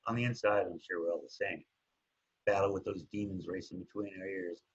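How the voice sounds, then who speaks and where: A man with a husky voice casually telling his recovery story, rambling and looping back with "anyways", on a dull lo-fi recording. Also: low-pitched, a little fast. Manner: rambling, keeps saying anyways.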